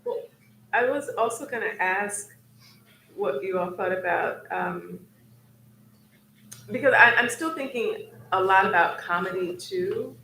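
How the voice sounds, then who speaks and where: Woman academic on a panel, thinking out loud with lots of ums, echoey room. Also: mid-range voice, measured pace, pauses often. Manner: thoughtful, searching, many ums. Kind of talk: panel discussion. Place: event hall. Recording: roomy hall with faint noise.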